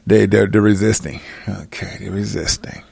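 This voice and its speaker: A man's voice: fairly low pitch, steady tone, normal speed, vocal fry, darkish tone, slightly rough, dry recording, voice pushed down, heavily acted. A man voicing a hesitant male aide who stammers out reports to his boss.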